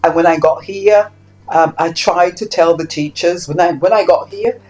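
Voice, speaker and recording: A woman's voice: lowish voice, moderate pace, dull audio, faint music behind. Older woman from Saint Kitts recalling her life. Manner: reflective, animated when acting out quoted exchanges. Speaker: interviewee. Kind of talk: oral history interview.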